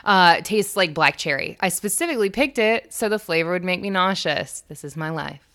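A woman's voice: medium pitch, expressive, brisk, fairly bright tone. A young American woman co-hosting a podcast, chatting casually with crude jokes and plenty of swearing. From United States. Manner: crude, joking, swears freely. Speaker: podcast co-host. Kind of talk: casual chat.

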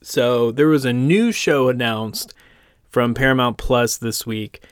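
A male podcast host from the United States talks casually and rambles through his points, joking about himself and leaning on fillers. His pitch sits in the middle range. The recording is dry and close, with no room sound. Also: slow, clear, resonant tone, dry recording, soft background music.

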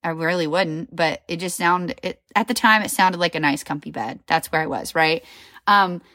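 A woman's voice: lowish voice, normal speed, pushed and bright, no room sound. Candid rambling woman, dry close sound. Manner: candid, rambling, self-reflective, frequent "right?" and "like". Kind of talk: casual personal monologue.

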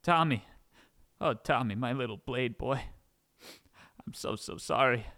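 A man's voice: mid-range voice, a little slow, pushed and bright. A man playing an overdramatic fencer father in a comedy sketch, lurching from stern lecturing to sobbing apologies. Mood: tearful. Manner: melodramatic, swings from stern to sobbing. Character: doting overdramatic fencer father, middle-aged.

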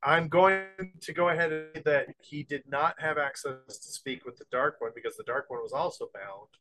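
A podcast co-host explaining at length in casual chat, rambling and unhurried. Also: mid-range voice, bright, forceful tone, soft background music, poor audio.

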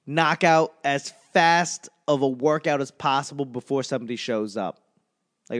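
A man working as a stand-up comedian, talking in a casual, rambling monologue. He swears often, mocks himself, and trails off and restarts his sentences. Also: mid-range voice. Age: adult. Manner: profane, self-deprecating, trails off and restarts.

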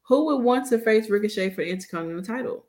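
A woman co-hosting a casual wrestling post-show, relaxed and chatty with frequent filler phrases. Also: on the high side, fast. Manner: relaxed, lots of "you know what I'm saying" and agreeing hums.

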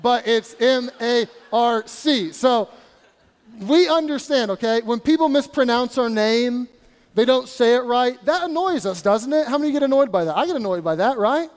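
Guy preaching, really high voice, chatty, lots of questions to the room, long church echo. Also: expressive, normal speed. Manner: conversational preaching with repeated rhetorical questions. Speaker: pastor. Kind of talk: sermon. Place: church sanctuary. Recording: church hall reverb.

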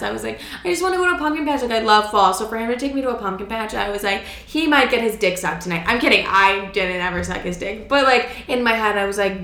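A woman's voice: fairly high pitch, bright, forceful tone, echoey room. A woman in her twenties telling a dating story casually, chatty and profane, acting out the dialogue as she goes. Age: 20s.

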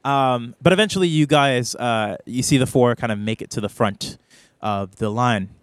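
A man running a tabletop role-playing game as game master, narrating in a hesitant way with many pauses and restarts. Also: mid-range voice, smooth, dry recording, clean studio sound.

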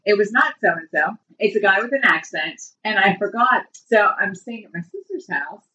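A woman's voice: medium pitch, animated, fairly quick, few pauses, bright, forceful tone, far from the mic, poor audio. A woman in her fifties hosting a casual chat, telling a long story with frequent laughter. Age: 50s. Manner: chatty storyteller, laughs often. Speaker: host.

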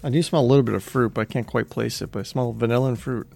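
A man hosting a casual beer-tasting podcast, losing his voice and talking in a relaxed, hesitant way with lots of fillers. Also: mid-range voice, rapid-fire, creaky, husky, soft background music. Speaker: podcast host.

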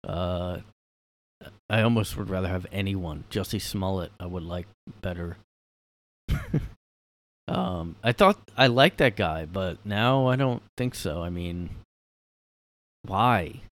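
A man with a fairly low voice hosts a solo podcast from his room. He rambles in a casual, sarcastic way, piling on fillers and the occasional swear. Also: expressive, slow pace, long pauses, fairly bright tone. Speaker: podcast host.

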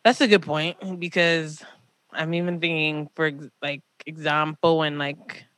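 A woman's voice: sits low, level tone, measured pace, fairly bright tone, no room sound. A woman from Toronto co-hosting a podcast, chatting casually and animatedly, teasing her co-host with pressing questions. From Toronto, Canada. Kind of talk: casual chat.

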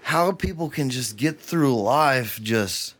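A man's voice: mid-range voice, expressive, takes it slowly, fairly bright tone. Profane ranting man, podcast host. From Texas. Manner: profane, heated ranting that cools to a weary murmur.

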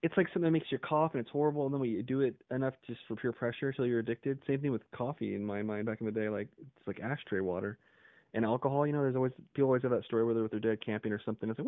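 A man's voice: medium pitch, no room sound. Man, casual rambling monologue, swears a lot, laughs often, phone-like sound. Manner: rambling, profane, laughs often, acts out quoted yelling. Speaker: podcast host. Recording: dry, phone-like narrow sound.

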